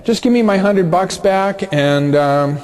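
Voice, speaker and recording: A man's voice: high-pitched, animated, measured pace, a little mellow. A man voicing an eager, cheeky young male farmer in a told story.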